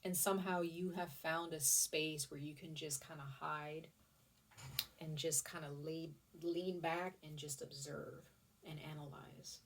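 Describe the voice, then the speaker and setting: A tarot reader gives her viewers a casual reading, chatty and rambling, with restarts and casual swearing. Her voice sits low with fairly even intonation and a slightly slow pace, picked up by a distant mic.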